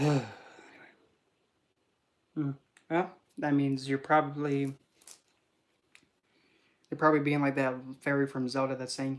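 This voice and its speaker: This young spiritual reader, medium in pitch and unhurried, leaves long pauses as he chats casually on a livestream. His stories are animated and rambling, heavy with filler words.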